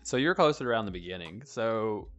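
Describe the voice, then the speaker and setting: Bright Southern-accented man, laughing chat. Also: fairly low pitch, fairly quick, dull audio, soft background music. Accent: Southern US (North Alabama). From North Alabama, US. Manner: laughs often, animated swings of loudness. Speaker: podcast host, club owner. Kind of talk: casual chat.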